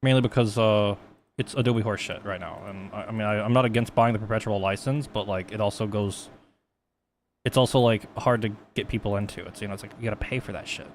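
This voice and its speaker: A man's voice: fairly low pitch, quick pace, slight background noise. A young man casually walking through 3D texturing on a live stream, rambling, swearing freely and mocking himself. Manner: rambling, profane, self-mocking.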